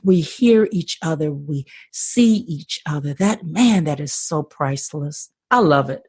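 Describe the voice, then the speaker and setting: Low husky older woman, passionate. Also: lively intonation, takes it slowly, a little mellow, dry recording, studio quality. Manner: earnest, passionate, repeats words when starting phrases. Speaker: podcast guest. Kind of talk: conversational interview.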